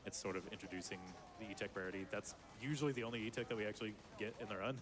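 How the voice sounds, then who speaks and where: A man's voice: lowish voice, racing. A man giving casual live commentary on his speedrun, explaining as he plays and laughing often.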